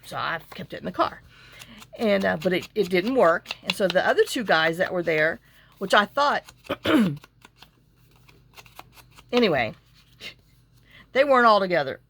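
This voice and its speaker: Chatty woman with gravelly voice. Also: medium pitch, a bit bright, dry recording. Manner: chatty, rambling storyteller, talks to herself while working. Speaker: craft vlogger. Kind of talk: casual chat while crafting.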